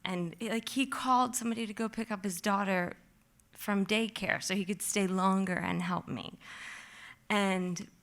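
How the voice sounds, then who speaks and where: A woman telling a personal story on stage at a live storytelling event, animated and vivid, peppering her talk with "like" and acting out her own panic. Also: mid-range voice, a little slow. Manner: animated, vivid, heavy use of "like"; acts out her own past panic in quotes.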